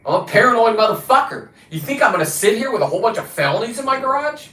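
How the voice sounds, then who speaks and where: A man's voice: sing-song, fast talker, sharp tone. Profane ranting man, roomy echo. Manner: combative, swearing, shifts pitch and volume a lot. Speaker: livestream host. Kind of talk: casual profane rant.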